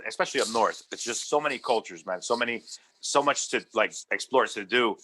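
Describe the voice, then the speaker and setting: Bright-voiced man from New Jersey. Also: mid-range voice, a little fast, a little hiss or hum. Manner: rambling, repeats "like I said", swears casually. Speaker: podcast guest. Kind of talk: casual chat.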